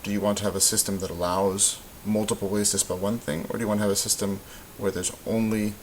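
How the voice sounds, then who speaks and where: A man with a low voice talks through a recorded grammar lesson. He explains in a relaxed way, filling pauses with ums and uhs. A faint hiss runs under the recording. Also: low-quality recording. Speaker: Spanish teacher.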